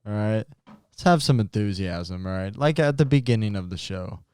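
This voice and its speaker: A man's voice: fairly low pitch, lively intonation, normal speed, a little mellow, clear, resonant tone, no echo. A man co-hosting a casual podcast, teasing his friend with crude, profane ribbing. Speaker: podcast co-host. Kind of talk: casual chat.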